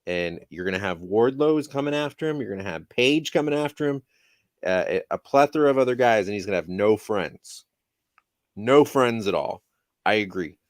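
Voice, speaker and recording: A man's voice: fairly low pitch, lively intonation, moderate pace, dry recording, studio quality. A man hosting a casual wrestling review show, talking in a rambling way that often restarts mid-sentence. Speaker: host.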